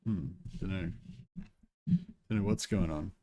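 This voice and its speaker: Australian male streamer, low-ish voice, quiet and tired, mumbly casual chat on a desk mic. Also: measured pace. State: tired and sore. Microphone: desk-stand microphone behind keyboard.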